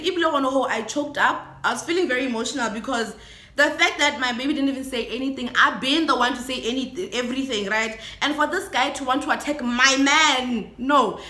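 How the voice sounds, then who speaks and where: A young woman with a Botswana accent tells a story to her camera, her high, bright voice bouncing around an echoey room. She talks in a lively way, mixing English and Setswana and breaking into laughs. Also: a little fast. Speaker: vlogger. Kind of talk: storytime vlog.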